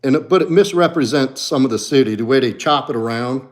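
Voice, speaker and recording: A middle-aged man with a New Orleans accent, chatting casually on a livestream as a martial arts coach, blunt and profane, dropping to low mutters and rising to animated bursts. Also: fairly quick. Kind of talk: casual livestream chat reading comments.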